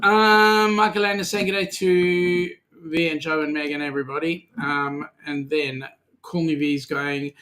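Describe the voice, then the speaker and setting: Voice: mid-range voice, fairly even intonation, measured pace, fairly bright tone. A co-host with an Australian accent, chatting casually on a live stream, reading out and joking about viewer comments. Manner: jokey, chatty, greets viewers by name.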